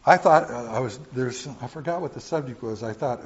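A man preaching a sermon to his congregation in a folksy way, swinging from loud emphatic points to quiet offhand asides. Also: medium pitch, animated, fairly quick, creaky, dull audio, a little hiss or hum. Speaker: pastor.

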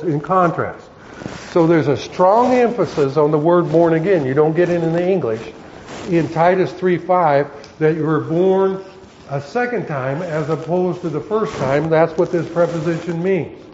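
A man leads a Bible lesson, pausing often to correct himself as he writes words up and explains them. His voice sits a little high yet sounds mellow and soft-edged. The recording is dull and lo-fi, with faint hiss underneath. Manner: halting, self-correcting, explaining word by word. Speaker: pastor. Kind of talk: expository Bible teaching.

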